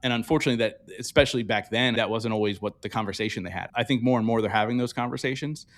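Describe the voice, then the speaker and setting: A man's voice: mid-range voice, racing, a bit bright. A man talking as a podcast guest, reflective and earnest, speaking openly in a candid interview.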